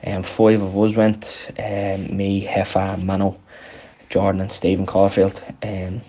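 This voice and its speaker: A man's voice: deep voice, monotone, takes it slowly, dark tone, slight background noise. A young man telling stories casually, rambling with lots of ums. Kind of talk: casual storytelling chat.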